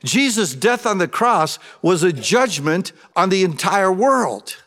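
A man's voice: sits high, very animated, takes it slowly, a bit bright, in a large hall. A man preaching a sermon, addressing the congregation and acting out quoted prayers with feeling.

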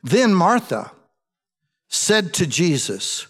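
A man with a high voice preaches in a relaxed, conversational way, putting rhetorical questions to his listeners and slipping in dry jokes. His voice carries a long reverb, as if recorded in a large hall. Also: takes it slowly. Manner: chatty, asks the congregation rhetorical questions, wry humor. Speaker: pastor. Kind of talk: conversational sermon.

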